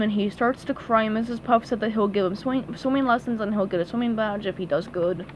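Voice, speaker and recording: Chatty woman gushing over a kids' book. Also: on the high side. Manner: chatty, gushing, with small laughs and restarts. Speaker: book reviewer. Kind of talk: casual book review. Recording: dull lo-fi audio with faint noise.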